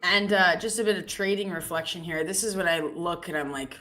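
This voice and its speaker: A woman's voice: lowish voice, fairly quick, bright, forceful tone, soft background music. A woman from Canada, a trader chatting casually on a live trading stream, telling stories with lots of "like" fillers. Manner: chatty storyteller, many fillers like "like". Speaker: futures trader co-host.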